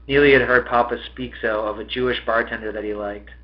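A man reads a novel aloud in an expressive, mid-pitched voice and curses casually when he stumbles. The audio is slightly muffled. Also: brisk, few pauses. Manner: expressive reading, breaks off to swear at his own slips. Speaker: podcast host reading a novel.

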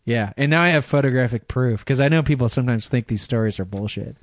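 A man's voice: mid-range voice, quick pace, no echo. Laughing, rambling man telling stories. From Michigan. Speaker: podcast regular. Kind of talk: casual storytelling.

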